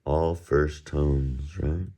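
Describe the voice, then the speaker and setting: Very deep-voiced, slow-talking male teacher. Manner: easygoing, drills words slowly and repeats them; relaxed chatty asides. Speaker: Chinese teacher. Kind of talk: recorded language lesson.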